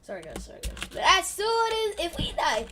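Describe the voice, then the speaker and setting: Excitable young woman gaming streamer. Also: very high voice, brisk, noisy background. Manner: excitable, swears a lot, drops to mutters. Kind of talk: excited live gameplay commentary. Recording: keyboard clicks and typing behind voice.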